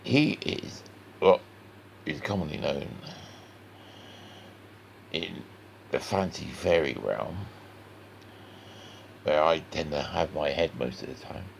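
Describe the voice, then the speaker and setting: A man with a West Country accent talks through a drawing lesson in a deep, heavily gravelly voice. He rambles in a folksy way and speaks straight to the viewer. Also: slow pace, pauses often, a little hiss or hum. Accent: West Country English. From West Country of England. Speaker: cartoon artist. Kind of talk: chatty drawing tutorial.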